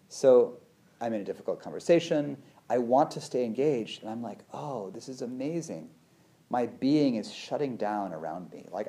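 A man speaks in a low, warm voice, talking through feelings and the nervous system like a meditation teacher. He is conversational, full of "like" and restarts. He jumps up in pitch when he acts out what his inner voice says. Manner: conversational, many fillers and restarts.

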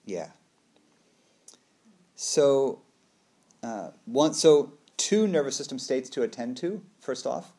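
A man talking as a trauma therapist in a relaxed, conversational way, often checking in with the listener and playfully acting out little quoted voices. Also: mid-range voice, takes it slowly, long pauses. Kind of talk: casual explanatory talk.

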